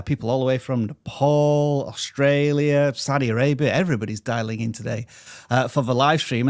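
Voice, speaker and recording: A man's voice: medium pitch, darkish tone. A man hosting a livestream, chatty and joking as he greets viewers by name. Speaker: livestream host. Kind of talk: upbeat livestream chat.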